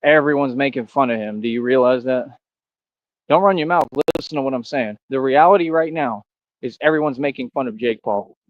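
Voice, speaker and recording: A man's voice: medium pitch, a little fast, no echo. A man boasts and argues with his livestream chat, confrontational and sure of himself, tossing in "bro" again and again. The audio is dry and a little dull, like a cheap stream mic.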